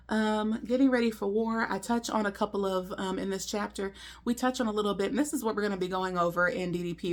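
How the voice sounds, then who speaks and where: A woman's voice: medium pitch, gravelly. A woman presenting a discipleship course in a casual teaching style. She talks conversationally and asks her listeners many rhetorical questions. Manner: frequent ums and restarts.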